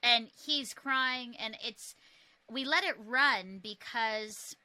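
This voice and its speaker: A woman hosting a casual chat, telling stories in a lively way and laughing easily. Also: a little high, slow, dry recording. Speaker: host.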